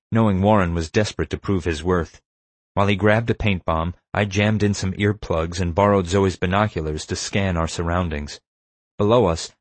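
A man with a deep, low voice reads an audiobook in a wry, measured way. The recording is close and dry, with no room sound. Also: dry recording. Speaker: narrator. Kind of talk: audiobook narration.

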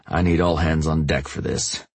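A man's voice: extremely low pitch, steady tone, moderate pace, slightly rough, no echo. A man narrating a first-person romance novel as an audiobook, lifting his voice to play the other characters.

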